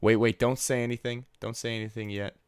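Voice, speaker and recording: A young man co-hosting a podcast, chatting casually about esports news with lots of laughing and squeaky impressions of players. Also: level tone, a little fast, smooth, no room sound, studio quality. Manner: laughing, mimics players in high squeaky voices. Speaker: podcast co-host.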